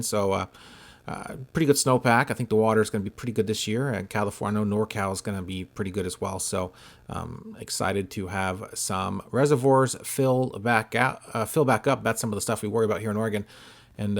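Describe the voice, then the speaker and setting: Rambling, wry man chatting casually. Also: mid-range voice. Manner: rambling, filler-heavy, wry self-deprecating humor. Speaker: sports card collecting vlogger. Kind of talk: casual chat while opening mail.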